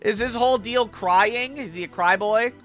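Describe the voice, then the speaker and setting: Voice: mid-range voice, normal speed, a bit bright, raised voice, soft background music. A streamer giving casual, giggly commentary while reading a game's dialogue aloud in put-on voices. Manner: playful, giggly, reads character lines with put-on voices.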